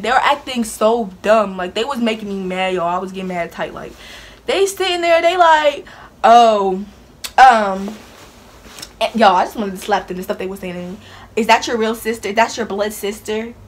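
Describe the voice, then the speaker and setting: A young woman telling a storytime vlog in a sassy, animated way, talking with attitude. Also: fairly high pitch, normal speed. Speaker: vlogger. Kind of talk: casual storytime.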